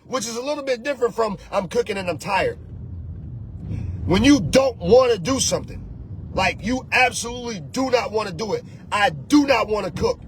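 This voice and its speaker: A man hosting a casual motivational talk as a spiritual coach, animated and preachy, slangy and often shouting. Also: extremely high pitch, a little fast, a little hiss or hum.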